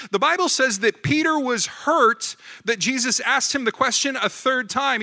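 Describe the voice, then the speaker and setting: A man preaching a sermon in a conversational way, often correcting himself and rising into animated emphasis. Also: extremely high pitch, normal speed, few pauses. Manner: self-correcting, repeats words. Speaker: pastor.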